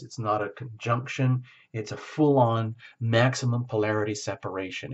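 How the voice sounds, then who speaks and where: A man's voice: lowish voice, dull audio. A man giving a reflective spoken tarot reading, often checking in with the listener. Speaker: tarot reader.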